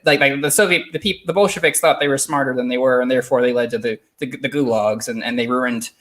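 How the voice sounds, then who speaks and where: A man's voice: medium pitch, fast talker, fairly bright tone, close to an everyday voice. A man imitating a stern male pundit who lectures a younger man in a condescending way. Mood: lecturing.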